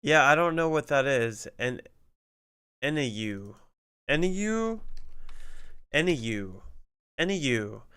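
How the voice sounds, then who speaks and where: A man streamer talks to himself as he works through a puzzle, trying out guesses under his breath and swearing when he gets stuck. His voice is smooth and clear, and he takes his time. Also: medium pitch, sing-song, takes it slowly, long pauses, a bit bright. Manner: mutters and swears while puzzling out crossword clues. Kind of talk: casual stream commentary, thinking aloud.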